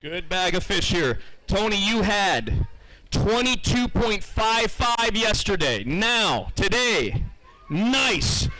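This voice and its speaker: A man's voice: high voice, big pitch swings, slow pace, bright, forceful tone, poor audio. A man emceeing a live fishing tournament weigh-in outdoors, upbeat and chatty, reading out each weight twice. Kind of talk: live event announcing.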